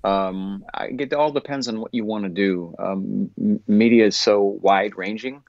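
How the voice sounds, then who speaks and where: A man, an actor guest in an interview, answering in a thoughtful, earnest way and often pausing to search for words. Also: fairly low pitch, gravelly, darkish tone, no room sound. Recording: dull lo-fi sound.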